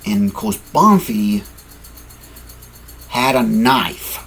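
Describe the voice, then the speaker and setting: Slow, rambling male storyteller. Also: lowish voice, lively intonation, fairly bright tone, breathy edge. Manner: rambling, self-correcting, apologetic. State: sleepy, yawning. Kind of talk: improvised fan-fiction storytelling.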